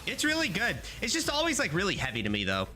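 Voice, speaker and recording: A young male streamer with a bright, forceful voice that swoops all over as he chats to his viewers. He rambles through playful rants and swears freely, and faint game music plays behind him. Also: high voice, huge pitch swings, fast. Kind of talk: casual gaming livestream chat.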